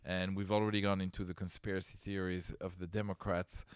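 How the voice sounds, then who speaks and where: A man co-hosting a comedy podcast, bantering casually with deadpan, ironic jokes. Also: deep voice, a little fast, clear, resonant tone, no echo. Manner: deadpan, jokey, ironic asides.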